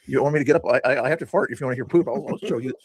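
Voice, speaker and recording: A man's voice: mid-range voice, rapid-fire, breathy edge, dry recording. An older man streaming, rambling in a chatty, self-mocking way as he talks to his viewers about a past stream. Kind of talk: rambling live-stream commentary.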